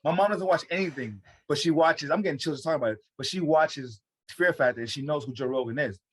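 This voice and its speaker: A man's voice: on the high side, breathy edge. An American man, a stand-up comedian, telling a story in casual chat, profane and full of restarts. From United States. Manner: fast, profane, animated storytelling with many restarts.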